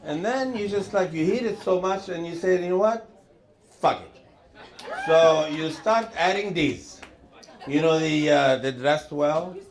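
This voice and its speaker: Male stand-up comic, high voice, rambling and chuckly, lots of halting pauses. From Lebanon. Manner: rambling, chuckling through lines, many hesitations. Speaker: stand-up comedian. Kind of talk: stand-up routine.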